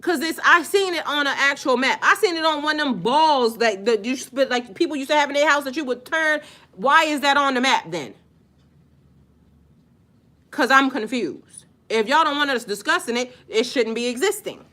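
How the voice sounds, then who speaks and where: Bright-voiced woman ranting on a live stream. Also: high-pitched, moderate pace. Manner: animated, profane, slangy, talks straight to viewers. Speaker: spiritual vlogger live-streaming. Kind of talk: casual live-stream chat.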